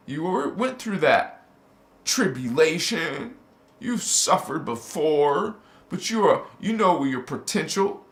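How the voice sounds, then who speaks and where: Slow fervent guy preaching spiritual stuff, slangy, echoey room. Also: on the high side, a bit bright. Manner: fervent, exhorting, sprinkled with slang. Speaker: spiritual channel host. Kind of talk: live spiritual teaching with guided visualization.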